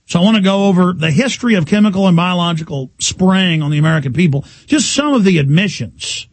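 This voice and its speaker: A man hosting a talk radio show, ranting loudly and combatively with sarcasm. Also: sits high, expressive, quick pace, dry recording.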